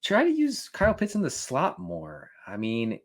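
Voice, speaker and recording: A man co-hosting a casual fantasy football podcast, talking with quick restarts, stammers and frequent laughs. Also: sits high, huge pitch swings. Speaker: fantasy football analyst co-host.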